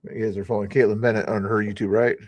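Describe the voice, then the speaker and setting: A man's voice: lowish voice, little pitch movement, very fast, no echo, muffled recording. A man hosting a live news commentary stream, speaking in a sarcastic, scoffing way.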